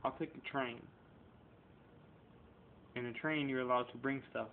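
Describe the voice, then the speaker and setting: A man's voice: medium pitch, fairly even intonation, a little slow, creaky. A man in his thirties, talking straight to camera in a rambling, profane vlog that swings between confrontation and emotion. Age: 30s. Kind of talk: casual vlog rant. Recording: tinny lo-fi webcam audio with faint noise.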